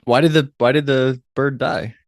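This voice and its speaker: A man's voice: medium pitch, steady tone, normal speed, vocal fry, no room sound, clean studio sound. A man co-hosting a podcast in casual chat, rambling with frequent restarts and fillers. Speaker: podcast co-host.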